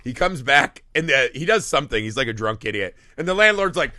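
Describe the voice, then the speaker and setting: A man's voice: a little high, expressive, fast talker, few pauses, sharp tone, no echo, clean studio sound. A man co-hosting a movie podcast, telling the story in casual, profane chat and acting out the characters' lines. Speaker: podcast co-host.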